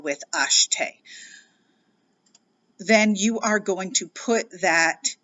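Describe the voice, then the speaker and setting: A woman's voice: on the low side, bright, forceful tone, highs cut off. A woman teacher explaining grammar patiently in a recorded lesson, spelling out letters as she goes. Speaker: French teacher.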